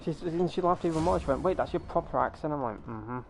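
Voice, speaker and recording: A man's voice: fairly high pitch, animated, quick pace, vocal fry, slight background noise. A man streaming a game, chatting casually on a headset mic in a rambling way, with lots of fillers and restarts. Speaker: gaming streamer. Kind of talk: casual chat over gameplay. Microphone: gaming headset.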